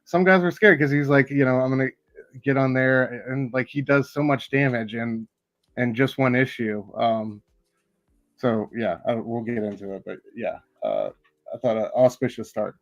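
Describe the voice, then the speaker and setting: A man's voice: medium pitch, normal speed, no echo, highs cut off. A man co-hosts a casual live-stream podcast, recorded in a dry room with a close sound. He rambles, fills gaps with ums and uhs, and keeps apologizing as he tries to get his clips to play. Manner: apologetic and rambling, many fillers. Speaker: podcast co-host.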